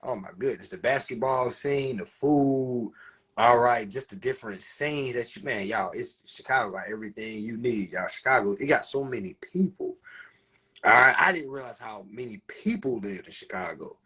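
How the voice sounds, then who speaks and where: A young Southern man from South Carolina telling a profane, animated story to his livestream viewers. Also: medium pitch, normal speed, breathy edge. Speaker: livestream host. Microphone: phone.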